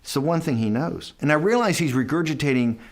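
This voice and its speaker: A man's voice: a little high, lively intonation, quick pace. A man who is an interview guest, telling a story in casual, rambling speech that often breaks off and restarts and acts out other people's lines. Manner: quotes others in dialogue.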